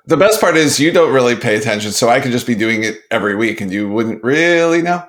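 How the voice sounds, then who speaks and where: A man's voice: medium pitch, animated, quick pace. A man co-hosting a podcast, chatting about movies in a laid-back, hesitant way with plenty of fillers. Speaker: podcast co-host. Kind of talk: casual movie chat.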